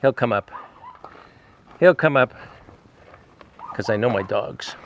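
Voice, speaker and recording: A man's voice: medium pitch, slow pace, a bit bright, lo-fi sound, slight background noise. A man who rescues animals, talking casually to the camera and coaxing his dogs outdoors with repeated calls. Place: outdoor dog yard.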